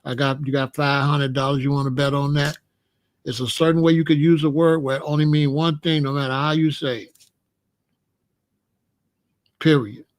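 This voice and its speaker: A man's voice: on the high side, flat delivery, moderate pace, pauses often. A man hosting a livestream, lecturing viewers in chat in a preachy, repetitive way. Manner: preachy, lecturing, repeats phrases. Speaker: host.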